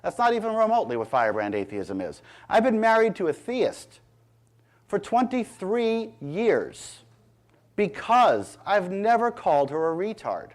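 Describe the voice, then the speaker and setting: A man's voice: sits high, sing-song, unhurried. A middle-aged man giving an emphatic, sarcastic public speech. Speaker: speaker.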